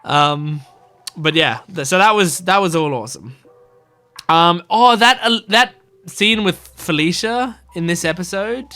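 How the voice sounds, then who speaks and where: A man's voice: sits high, measured pace, bright, forceful tone. A man hosting a reaction video, talking through his thoughts casually with lots of fillers and restarts. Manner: rambling, filler-heavy, thinking aloud.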